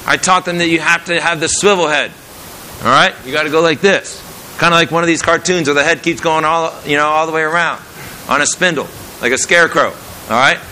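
A middle-aged man preaching a sermon in a measured, earnest way, repeating key phrases for emphasis. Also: on the high side, pushed and bright, slight background noise, low-quality recording.

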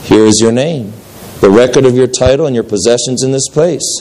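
A man voicing a solemn heavenly gatekeeper who speaks in a low, distinct, calm and measured way. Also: lightly acted, rough recording. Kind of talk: dramatic reading of a story.

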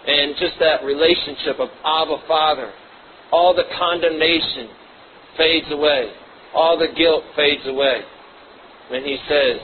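A man preaching a sermon, reading scripture aloud and then explaining it with personal asides. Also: on the high side. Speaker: pastor. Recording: muffled phone-like audio, faint hiss.

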